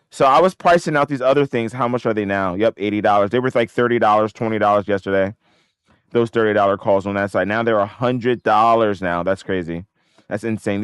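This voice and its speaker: Excitable male trader, live self-commentary, smooth clear tone, dry room. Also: fairly low pitch, no room sound. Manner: excitable, swearing, repeats himself in disbelief. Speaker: options trader. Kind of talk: live trading commentary to himself.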